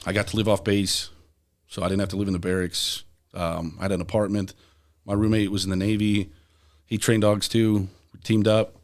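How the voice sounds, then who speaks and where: A young man with a fairly low voice tells stories in a loose, rambling way, swearing freely as he drifts on and off the point. He is a podcast guest in casual conversation, talking easily with the host. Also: little pitch movement, normal speed. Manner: profane, rambling anecdotes. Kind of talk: casual storytelling.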